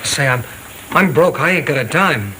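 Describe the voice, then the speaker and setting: A jittery young boxer on the run, played by a male actor, who stammers and bristles when pushed. His pitch swings widely as he talks. The sound is an old film soundtrack with a clear hiss behind it. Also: lively intonation, moderate pace, lightly acted. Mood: nervous. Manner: stammering, nervous and defensive. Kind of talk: 1930s film acting.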